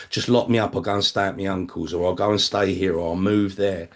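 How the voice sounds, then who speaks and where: A man's voice: low-pitched, fairly even intonation, moderate pace. A man speaking at a recovery meeting, sharing his personal testimony in a blunt, conversational way, swearing freely and acting out other people's voices.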